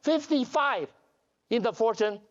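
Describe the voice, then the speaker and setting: A man giving a joking conference keynote as a company CEO, telling animated stories with broken grammar and restarts. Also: extremely high pitch, measured pace. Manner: animated storytelling with jokes; non-standard grammar, restarts. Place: conference hall. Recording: dull lo-fi conference audio.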